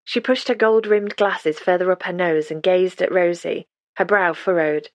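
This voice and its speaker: A woman narrates an audiobook in a calm, measured way, her voice sitting on the low side. The sound is dry and close to the mic. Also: no room sound. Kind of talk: scripted narration.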